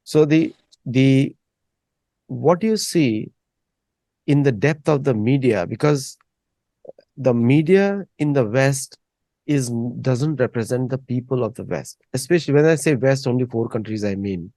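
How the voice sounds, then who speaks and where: A man's voice: medium pitch, animated, unhurried, mellow, dry recording. A man hosting a casual discussion, rambling and repeating words as he thinks. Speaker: host.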